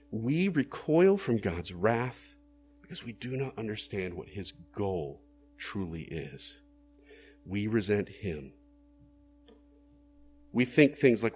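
A man's voice: mid-range voice, big pitch swings, a little slow, darkish tone, slight background noise. A male pastor preaching a sermon in an earnest, questioning way that rises to emphatic bursts.

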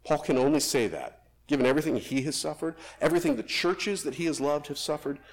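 A man preaching a sermon, rising to emphatic peaks and dropping to soft, hushed phrases, then praying slowly and quietly. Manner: lively, swinging between emphatic rises and soft hushed drops; soft, low, slow prayer voice. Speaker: pastor.

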